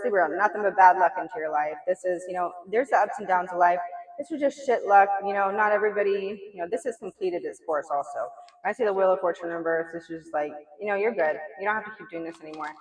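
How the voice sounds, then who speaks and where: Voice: mid-range voice, fast talker. Echoey, blunt casual tarot reader. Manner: blunt, chatty, swears, lots of "like" and "you know". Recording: echoey room, mic far off.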